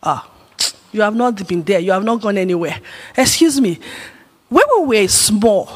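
A woman's voice: medium pitch, lively intonation, normal speed, pauses often, breathy edge. A woman giving a conversational teaching talk at a church gathering, putting questions to her audience. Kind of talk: teaching talk on emotional wellness. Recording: long reverb of a hall.

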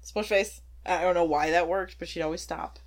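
A woman's voice: fairly low pitch, little pitch movement, brisk. A married woman from Minnesota co-hosting a casual chat, easygoing and self-deprecating.

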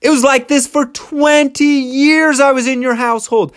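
A man's voice: very high-pitched, fairly even intonation, normal speed, fairly bright tone, voice pushed up. A man voicing an aggrieved shepherd from a Bible story, reading his words in a declamatory way. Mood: furious. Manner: heated, declamatory scripture reading. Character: wronged hardworking biblical shepherd, a grown man.

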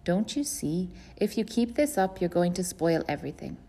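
A woman's voice: fairly low pitch, sing-song, normal speed, dark tone, breathy edge, full character voice. A woman reading as a pleading mother. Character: protective mother, pleading and tense. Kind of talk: audiobook character voice.

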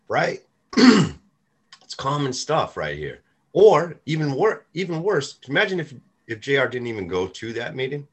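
A man's voice: mid-range voice, wildly swooping pitch, measured pace, slightly rough. A man co-hosting a podcast, affirming and encouraging in casual chat. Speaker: podcast co-host.

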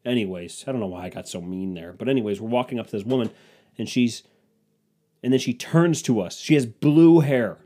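A man's voice: medium pitch, brisk, mellow. A young man hosting a solo podcast, telling comedic stories in a rambling, crude, self-mocking way. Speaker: podcast host.

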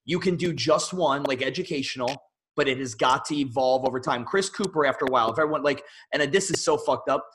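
A man's voice: medium pitch, fast, fairly bright tone, a little hiss or hum, rough recording. A man hosting a casual podcast chat, talking bluntly and opinionated with frequent swearing.

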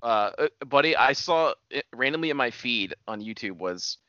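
A man bantering loosely on a podcast, his voice bright and forward. The recording is dry and close, with a dull lo-fi tone. He chats at an easy, unhurried clip. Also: medium pitch, lively intonation, clear, resonant tone, dry recording. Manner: laid-back banter, swears. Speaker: podcast co-host. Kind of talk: casual chat.

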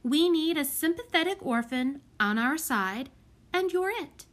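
A woman voicing a bossy, clever young orphan girl who gives firm orders in a lively, high voice. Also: measured pace.

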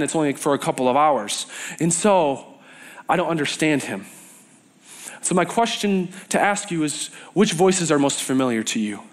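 Animated young man preaching. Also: high-pitched. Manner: animated storytelling, acts out quoted voices. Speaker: young adult pastor. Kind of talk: sermon.

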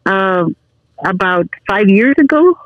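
A woman's voice: medium pitch, animated, slow pace, dry recording, lo-fi sound. A woman in her forties, a guest telling stories in a casual chat and laughing easily. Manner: chatty storyteller, laughs easily.

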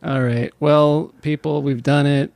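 A man co-hosting a casual podcast, rambling and animated as he retells jokes between laughs. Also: fairly high pitch, a little slow, creaky, no room sound. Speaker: podcast co-host.

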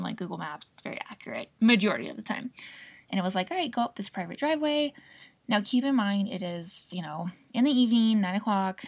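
A young woman tells a personal story on her own podcast, chatty and expressive, with casual swearing along the way. Her voice sits mid-pitch with a gravelly edge. It is slightly husky rather than clean. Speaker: podcast host.

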